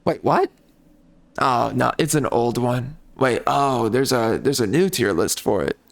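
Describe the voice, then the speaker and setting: A man's voice: medium pitch, animated, unhurried, vocal fry. A man giving casual gameplay commentary as a video creator, ranting in frustration with frequent mild cursing.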